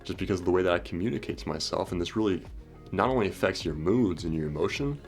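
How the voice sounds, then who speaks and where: A young man with a very deep voice talks earnestly about overcoming low moods. He tells a story with plenty of "he's like", circling back over his points. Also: fast, faint music behind. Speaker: self-help video host. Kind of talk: motivational talk with storytelling.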